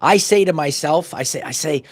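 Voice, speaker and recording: Brief: fervent middle-aged male podcast host, fairly high voice, repetitive, stumbling, bursts loud. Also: normal speed. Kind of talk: impassioned spiritual monologue.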